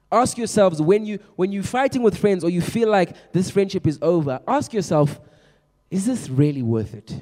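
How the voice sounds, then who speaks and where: Young guy preaching to youth, chatty and energetic, mellow tone, long echoey hall. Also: sits high. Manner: energetic, chatty, repeats words. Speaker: youth pastor. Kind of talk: youth sermon. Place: large room with a youth audience. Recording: long echo of a large hall.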